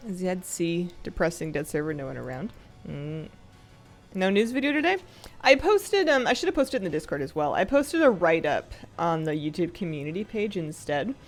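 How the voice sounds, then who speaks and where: Chatty woman streamer, lively low voice. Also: moderate pace, soft background music. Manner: self-mocking, grumpy, chatty, laughs often. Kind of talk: casual live-stream chat while gaming.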